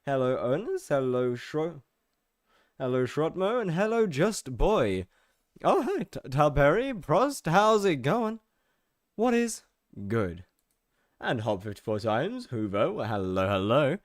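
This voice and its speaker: A man hosts a game stream from his home setup, talking loosely to his chat and rattling off greetings to viewers one after another. His pitch swings up and down a lot as he talks. The sound is close and dry, with no room echo. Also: very animated, takes it slowly. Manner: offhand, self-mocking asides. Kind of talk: casual livestream chat with viewers.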